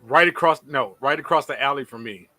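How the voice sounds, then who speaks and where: Brief: man, co-host, bright forceful tone, faint music behind, blunt asides. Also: medium pitch, a little fast. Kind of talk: casual livestream chat.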